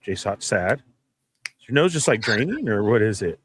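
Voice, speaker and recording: Pria pembawa acara podcast yang santai dan ceria. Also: male voice, lowish voice, very animated, normal speed. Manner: upbeat, teasing, hypes the chat. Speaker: podcast co-host. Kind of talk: casual chat.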